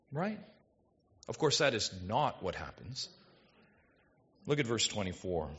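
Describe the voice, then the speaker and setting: A male pastor preaching an expository sermon, animated and full of rhetorical questions to the congregation. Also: low voice, normal speed, highs cut off.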